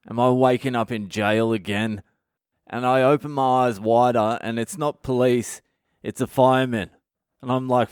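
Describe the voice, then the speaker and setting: A man, a comedian hosting his own podcast, telling a comic story in a sweary, animated way and acting out the voices he quotes. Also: medium pitch, smooth, no room sound, clean studio sound.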